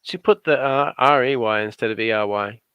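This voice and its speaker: Bright-voiced Australian man joking on a livestream. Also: medium pitch, fairly quick, smooth, no room sound. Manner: playful, teasing, dry asides. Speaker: guest commentator on a craft livestream. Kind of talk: casual joking livestream commentary.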